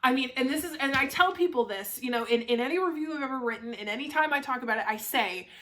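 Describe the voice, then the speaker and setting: A young woman chatting casually to camera as a book reviewer, gushing and warm about her subject, with lots of fillers and restarts. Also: sits high, animated, fast talker.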